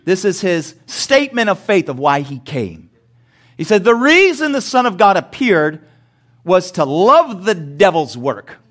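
A man preaching a sermon as pastor, asking the congregation to repeat words after him and building to shouts. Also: high voice, sing-song, unhurried. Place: church sanctuary.

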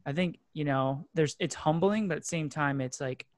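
A man's voice: a little high, moderate pace, no room sound, clean studio sound. A man who is into strength training and obstacle races, talking casually and earnestly in a rambling way. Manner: earnest, rambling, many "like" fillers. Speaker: fitness coach and podcast co-host. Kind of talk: casual podcast chat.

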